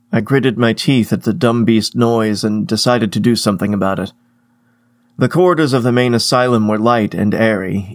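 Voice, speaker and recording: A man reading a first-person story aloud as narrator, in a measured, wry storytelling manner. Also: fairly low pitch, no echo, studio quality.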